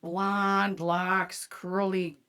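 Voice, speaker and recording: A woman's voice: mid-range voice, flat delivery, drawn-out words, a bit bright, smooth. A woman hosting a podcast, telling a profane story in casual chat and laughing often. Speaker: podcast host.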